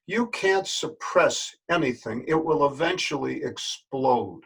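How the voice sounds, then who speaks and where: Older man with a gravelly, husky voice. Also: medium pitch, fairly bright tone. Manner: folksy, earnest, repeats words for emphasis. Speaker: yoga teacher. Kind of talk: spoken address to camera.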